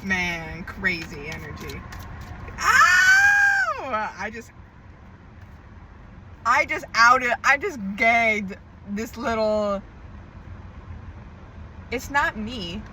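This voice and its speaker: A woman's voice: medium pitch, background noise. A woman tarot reader in an emotional diary-style monologue, venting with frequent swearing and emphatic repetition.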